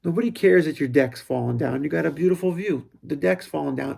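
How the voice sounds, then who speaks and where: A middle-aged man talks through his thoughts in a loose, unscripted way, stopping and restarting as ideas come. His voice has a strong gravelly fry, pitched a little higher than most men's. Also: brisk, a little mellow. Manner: rambling, self-interrupting, quotes his own thoughts aloud. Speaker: vlogger. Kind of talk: casual reflective monologue.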